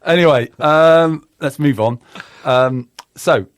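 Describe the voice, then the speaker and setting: A man hosting a casual news chat in a studio, with a nasal voice from a cold and a relaxed, wry way of talking. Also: on the high side, slow, clear, resonant tone, no room sound. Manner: relaxed, wry, chatty with fillers. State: under the weather, nasal. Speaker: podcast host and journalism lecturer.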